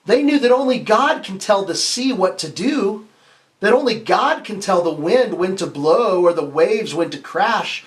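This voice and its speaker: A man reads a children's picture book aloud as a pastor hosting story time. He keeps it expressive and playful, breaks off to ask the kids questions and has them repeat lines back. He stumbles and restarts now and then. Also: high voice, unhurried.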